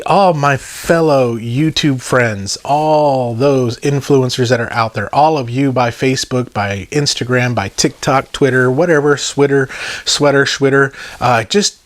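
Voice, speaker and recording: A man's voice: medium pitch, fairly bright tone. A man with a Southern accent hosting a toy review channel, talking casually and enthusiastically to viewers with joking asides. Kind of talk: casual vlog chat to viewers.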